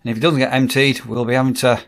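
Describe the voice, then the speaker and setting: A man's voice: medium pitch, little pitch movement, fast talker, dry recording, studio quality. A man, a campsite warden chatting casually in a rambling vlog with wry asides. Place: on the move, outdoors and in a car.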